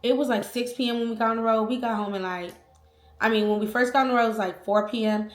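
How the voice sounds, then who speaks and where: A young woman vlogger telling a personal story in a casual, slangy, animated way, acting out the quotes. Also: a little high, fast. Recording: echoey room.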